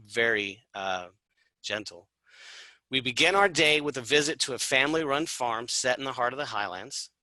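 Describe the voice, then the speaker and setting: A man walks listeners through a travel itinerary in a loose, chatty way, tossing in asides and fillers. His voice is strikingly bright and sits at a middling pitch. The sound is dry, with no room around it. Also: no echo, poor audio. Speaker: tour presenter. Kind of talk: informal travel presentation.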